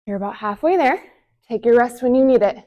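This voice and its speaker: A woman's voice: a little high, animated, fairly quick, a little mellow, lo-fi sound. A young woman leading a follow-along home workout, encouraging and counting down reps, audibly out of breath between sets. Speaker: fitness instructor.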